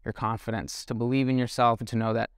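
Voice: mid-range voice, level tone, fast talker, clear, resonant tone, dry recording, clean studio sound. A moderator asking panel questions in an encouraging way. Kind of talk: hosting a panel.

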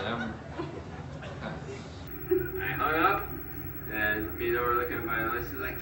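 A man's voice: medium pitch, normal speed, pauses often. A young man casually telling a rambling story, acting out what people said. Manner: rambling, animated, acts out quotes. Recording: roomy, distant, noisy recording.

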